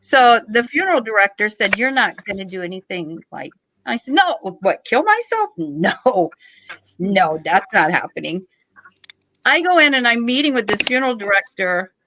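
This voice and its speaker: A middle-aged woman, a podcast guest, telling a story in a joking, lively way. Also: mid-range voice, background noise. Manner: joking, animated storytelling with laughs. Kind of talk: casual storytelling.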